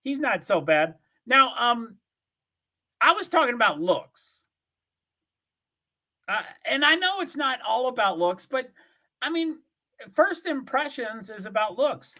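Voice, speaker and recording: High, lively older man rambling. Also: slow, pauses often. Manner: meandering, full of fillers, chuckling often. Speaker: livestream host. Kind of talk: rambling casual chat to viewers. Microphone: streaming setup, from home.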